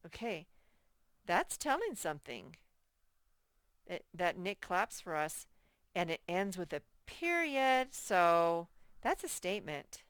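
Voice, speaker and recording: A woman teaching a first-grade workbook lesson in a slow, patient way, repeating key points and reading example sentences aloud very slowly. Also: lowish voice, very animated, a bit bright, clean tone, no room sound, clean studio sound. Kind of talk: recorded workbook lesson for children.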